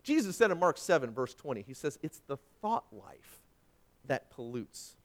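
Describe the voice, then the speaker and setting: Here a pastor with a mid-range voice preaches at a moderate pace. His sermon is full of anecdotes, told in a lively way as he plays out the voices he quotes.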